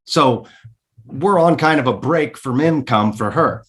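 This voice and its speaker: A man's voice: medium pitch, measured pace. A man, a guest in a casual interview, telling his story candidly and emphatically, swearing freely and repeating words when he gets worked up.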